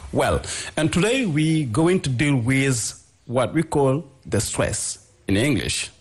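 A man's voice: medium pitch, lively intonation, takes it slowly, slightly rough. A man interviewing a teacher on radio, asking polite questions.

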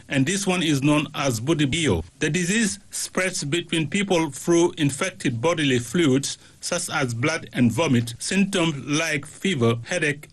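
A man reading a radio news bulletin in a steady formal way. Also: on the high side. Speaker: newsreader.

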